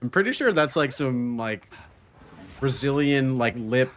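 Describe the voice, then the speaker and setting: A man's voice: mid-range voice, expressive, a little slow, a bit bright, slight background noise. A man streaming a video game, chatting casually, joking and laughing often as he reads chat messages aloud.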